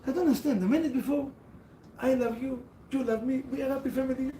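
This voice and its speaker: A man giving a sermon as a rabbi to a seated audience, telling stories in halting, non-standard English. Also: extremely high pitch, fairly even intonation, mellow, echoey room, recorded from a distance, slight background noise, low-quality recording.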